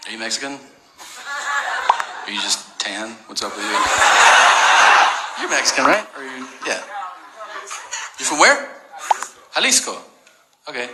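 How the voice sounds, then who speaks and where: A man's voice: mid-range voice, lively intonation, measured pace, pauses often, echoey room, very noisy. A man live-streaming, chatting with strangers in a teasing, profane way and laughing often.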